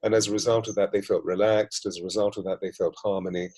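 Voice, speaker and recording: A man, a voice coach and mystic guest, talking in a measured, flowing way in an interview, building long lists and repetitions. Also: on the low side, fairly even intonation, warm tone, breathy edge, poor audio. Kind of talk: reflective interview talk.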